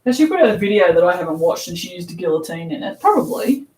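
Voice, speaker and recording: An Australian soap shop owner chats casually on a live stream while packing orders, reading comments aloud, laughing often and swearing offhandedly. Her voice is on the low side, sing-song, fast and darkish. She's recorded from a distance, somewhat off mic, in an echoey room with faint noise.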